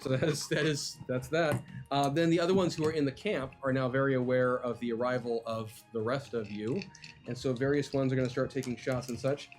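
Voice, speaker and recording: A man acting as game master in a live tabletop role-playing stream, narrating in a relaxed way with lots of fillers. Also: mid-range voice, a little fast, faint music behind. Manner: easygoing, laid-back narration with fillers.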